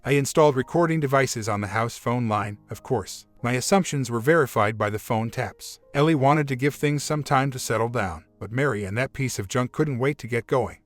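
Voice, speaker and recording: A man narrating a first-person relationship story as scripted narration, in a steady, matter-of-fact reading. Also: mid-range voice, normal speed, few pauses, soft background music.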